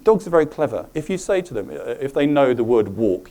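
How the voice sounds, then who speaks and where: A middle-aged man giving a live presentation to an audience, animated and often checking in with questions. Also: medium pitch, fast talker, few pauses. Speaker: presenter at a health talk.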